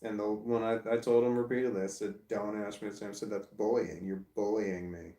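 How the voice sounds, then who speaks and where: Man, middle-aged, blunt and profane, gravelly low voice, echoey room, phone kinda far off. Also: flat delivery, fairly quick, warm tone. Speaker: vlogger. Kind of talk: angry personal rant. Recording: echoey room, distant from mic.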